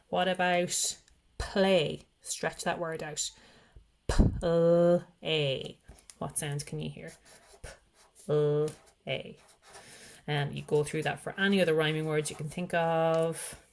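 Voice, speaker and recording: A woman teaching parents a rhyming and syllable activity, explaining step by step and slowly sounding out letters. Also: low-pitched. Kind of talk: instructional demonstration.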